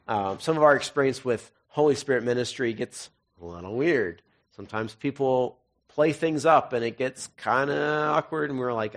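Male pastor, easygoing joking sermon, mid-range voice, reads scripture then riffs casually. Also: medium pitch. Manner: jokey, conversational asides between readings.

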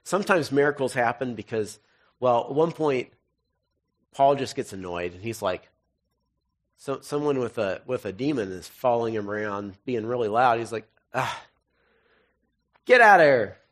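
A man's voice: mid-range voice, moderate pace. Male pastor, easygoing joking sermon, mid-range voice, reads scripture then riffs casually. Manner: jokey, conversational asides between readings.

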